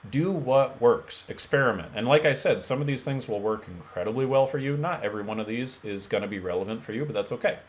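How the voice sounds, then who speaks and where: Emphatic, low-voiced male coach. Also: quick pace, hardly any pauses. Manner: energetic, emphatic, talks straight to viewer with rhetorical okays. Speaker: mental health coach. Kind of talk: direct-to-camera teaching.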